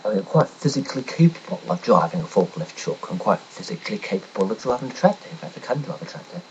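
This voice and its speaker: Young english guy ranting and swearing, kinda low voice, faint hiss behind. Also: very animated, fast talker, lo-fi sound. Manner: blunt, swearing, sarcastic storytelling. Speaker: vlogger telling a personal story. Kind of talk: casual ranting monologue.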